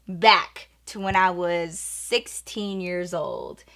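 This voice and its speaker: A woman in her twenties casually telling a story while doing her makeup, animated and slangy, swinging from hushed asides to loud bursts. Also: lowish voice, takes it slowly, gravelly, few pauses. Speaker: vlogger.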